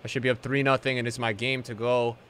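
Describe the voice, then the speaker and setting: A young adult man giving live commentary over his own video game matches, excitable, jumping from loud yelps to low muttering. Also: quick pace, slight background noise. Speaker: gaming video creator.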